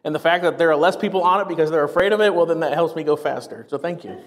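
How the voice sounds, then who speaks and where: A pastor with a notably high voice delivers an energetic sermon, tossing in wry asides. He sounds a little winded from talking fast. His voice rings out with the long reverb of a church sanctuary. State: getting out of breath.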